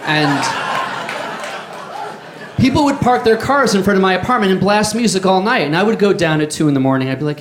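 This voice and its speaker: A man, doing a deadpan stand-up comedy set on a club stage into a handheld mic. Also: high-pitched, a little fast, noisy background. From New York. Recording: echoey club with crowd. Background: audience laughter.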